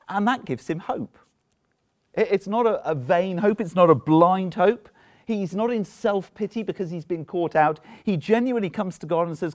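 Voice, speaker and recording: A man's voice: a little high, animated, unhurried, darkish tone. A man preaching a sermon, retelling a Bible story with rhetorical questions and acted-out lines.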